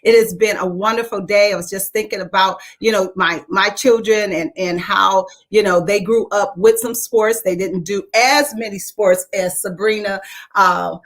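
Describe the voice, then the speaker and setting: A woman's voice: medium pitch, steady tone, normal speed. A woman from Detroit co-hosting a live talk show, chatty while greeting viewers and sorting out the tech. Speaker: co-host of a radio talk show.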